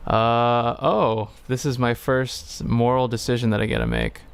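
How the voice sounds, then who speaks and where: Casual male game streamer; gravelly but smooth voice, rambling, hesitant delivery. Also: medium pitch, big pitch swings, measured pace.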